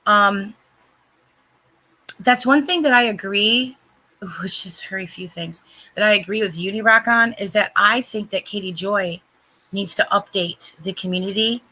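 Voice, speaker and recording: A woman telling a story in casual chat, animated and emphatic, acting out the dialogue as she quotes it. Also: medium pitch, measured pace, poor audio.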